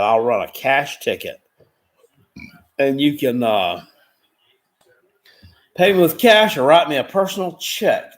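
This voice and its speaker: Slow-talking profane man. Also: mid-range voice. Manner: profane, rambling, folksy. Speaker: livestream watchalong host. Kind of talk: casual live-stream chat, reading comments.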